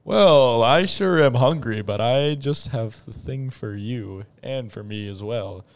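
A man's voice: mid-range voice, slow pace. A man voicing a jolly, hungry male Santa Claus in an improvised comedy bit, with a hearty put-on voice.

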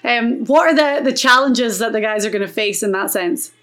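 A woman's voice: a little high, moderate pace, a bit bright. A woman co-hosting a podcast, chatting casually and asking long, rambling questions. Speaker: podcast co-host.

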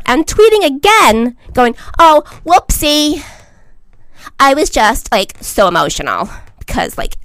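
Blunt woman with a lively pitch. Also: no echo. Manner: emphatic, blunt, lecturing. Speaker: social media commentator. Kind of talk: opinionated vlog monologue.

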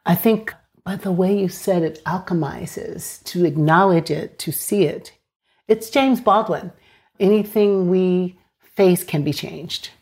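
A woman hosting a casual interview, warmly affirming and quick to agree with her guest. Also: fairly low pitch. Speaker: podcast host.

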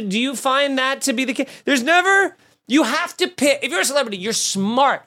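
A man's voice: very high voice, fairly bright tone. A man hosting a comedy podcast, ranting in a sarcastic, crude, mock-outraged way. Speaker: podcast host.

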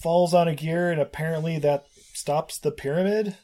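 A man's voice: fairly high pitch, steady tone, moderate pace, warm tone. A man co-hosting a casual podcast, rambling and swearing as he recaps a film plot, often breaking into laughter.

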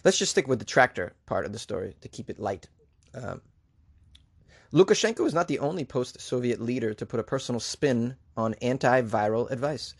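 A man's voice: mid-range voice, lively intonation, fairly quick, husky. Guy hosting a talk show, goofing on the news, trips over names, kinda rambly. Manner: joking, rambling, laughs at own jokes, stumbles over names. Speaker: show host.

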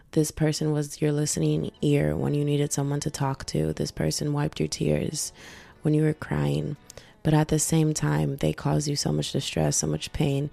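A woman's voice: sits low, gravelly, mellow. A young woman in her twenties hosting a casual solo podcast, candid and rambling with many fillers, tired and sick late at night. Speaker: podcast host.

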